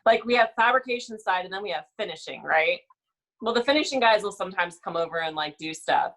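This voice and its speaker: A young woman chatting casually as a podcast guest, telling lively work stories and acting out coworkers with loud outbursts. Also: mid-range voice, fast talker, low-quality recording. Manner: animated storyteller, acts out coworkers with loud quoted outbursts.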